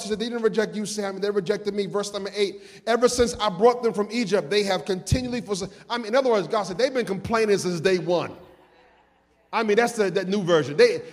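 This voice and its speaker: A pastor with a voice high for a man preaches a sermon to his congregation. He climbs to sung, shouted peaks, then falls into low, quick asides, his words ringing with long reverb.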